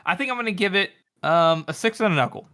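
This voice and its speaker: A man's voice: high voice, lively intonation, fast, bright, forceful tone. A man co-hosting a book podcast, chatting casually and teasing the others. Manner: chatty and teasing, with frequent laughs. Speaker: podcast co-host. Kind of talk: casual book-discussion chat.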